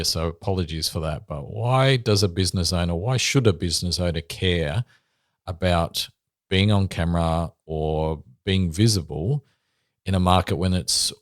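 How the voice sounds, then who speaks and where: A man's voice: deep voice, no echo, clean studio sound. A man hosting a podcast, asking long, rambling questions with restarts. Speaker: podcast host, interviewer.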